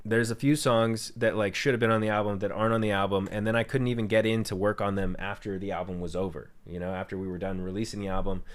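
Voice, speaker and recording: A young man streaming and talking casually about his own songs, candid and rambling, swearing freely. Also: on the low side. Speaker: streamer and musician. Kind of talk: casual livestream chat.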